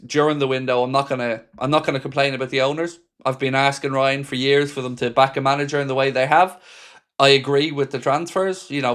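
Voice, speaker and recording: A man hosts a fan live stream in easy, animated chat. He reads out viewer comments and answers each commenter by name, his pitch sitting in the middle range for a man.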